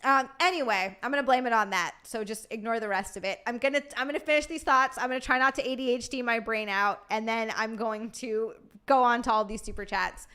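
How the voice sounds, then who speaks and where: Speaking a little quickly and with few pauses, this woman has a fairly high voice that comes across bright, forceful and clean. She's a streamer and podcast host in a relaxed livestream, responding to viewer donations while running on little sleep, scattered, tired and cursing freely.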